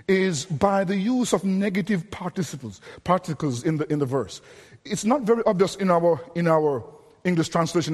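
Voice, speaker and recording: A man's voice: high-pitched, long reverb tail. A man preaching a sermon, emphatic and explanatory, often repeating words as he presses a point.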